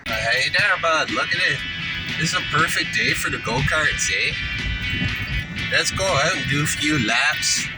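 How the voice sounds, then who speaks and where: A man's voice: fairly high pitch, animated, unhurried, distant mic, over loud music, pitched above the performer's own voice, poor audio. A man voicing an over-the-top, chummy hoser guy who tacks "eh" and "bud" onto everything. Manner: peppers every sentence with "eh" and "bud".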